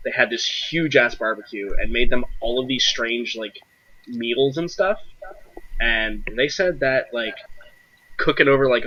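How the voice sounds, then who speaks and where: A man's voice: medium pitch, sharp tone, slight background noise. A young man running a tabletop game, chatting loosely with lots of fillers over a voice call. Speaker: game master. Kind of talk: casual chat over voice call. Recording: dull lo-fi sound.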